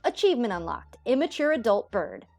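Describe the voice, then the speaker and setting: A woman streamer narrates a visual novel playthrough in a relaxed, wry way. Her voice sounds sore and strained from overuse, sitting a little high for a woman. Faint music plays behind her. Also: fairly quick, creaky. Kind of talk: casual game playthrough narration.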